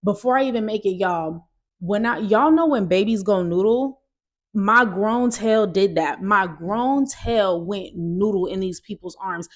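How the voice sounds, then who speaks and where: Young woman, vlogger, animated storytelling, casual testimony, talks to viewers directly. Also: mid-range voice, measured pace.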